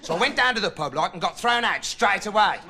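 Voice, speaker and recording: Rambling deadpan man, audience laughter. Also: quick pace, crowd noise. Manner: rambling, flat, puts on high voices for quoted people. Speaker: comic reporter character host. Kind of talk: deadpan comic monologue to camera. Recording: studio audience laughter, noisy old tape.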